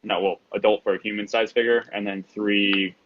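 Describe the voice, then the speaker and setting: A man with a very low voice runs a tabletop game, describing scenes in a relaxed way and padding them with fillers. The recording sounds dull and lo-fi. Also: moderate pace. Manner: relaxed, filler-heavy narration. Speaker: game master.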